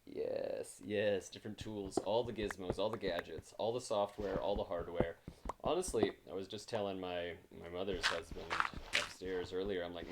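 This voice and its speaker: This game streamer's voice sits low and stays steady at a moderate pace as he chats loosely with viewers during a gaming livestream, wandering off topic and putting himself down. A new mic is mounted close in front of him, and loud background noise runs through the clip.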